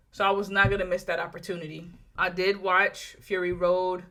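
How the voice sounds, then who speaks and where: A woman's voice: on the low side, level tone, moderate pace, fairly bright tone. A woman talking casually and enthusiastically through a movie review, with many fillers and restarts.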